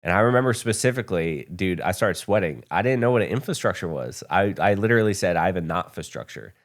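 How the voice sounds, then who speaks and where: A man from the United States, sitting in a podcast studio, tells his founder story in a candid, profane, rambling manner for a casual storytelling interview. He talks fast in a low, expressive voice.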